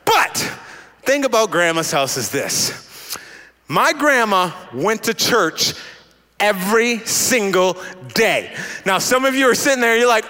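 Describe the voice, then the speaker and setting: Young male stand-up, very high bright voice, animated storytelling with acted-out voices. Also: a little slow, long reverb tail. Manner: animated, acts out voices, big pitch swings. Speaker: comedian.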